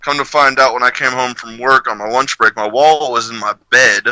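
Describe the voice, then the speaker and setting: A man's voice: mid-range voice, fairly even intonation, fairly quick, sharp tone, no echo, low-quality recording. A man co-hosting a podcast, telling stories in a casual, profane, laughing way. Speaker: podcast co-host. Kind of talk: casual chat, storytelling.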